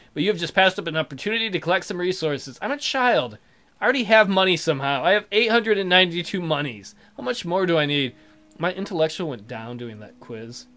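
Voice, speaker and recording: A young man narrates a game in casual, crude commentary, reading its text aloud. His voice is bright and a little high, dropping into deadpan mutters and jumping into loud, swearing outbursts. Soft guitar music plays quietly behind him. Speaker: let's play commentator.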